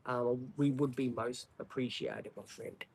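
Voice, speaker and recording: A man's voice: mid-range voice, a little slow, gravelly, darkish tone, a little hiss or hum, low-quality recording. An Australian man hosting a livestream, chatting casually, apologetic and rambling with many ums. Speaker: livestream host. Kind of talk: casual live-stream chat.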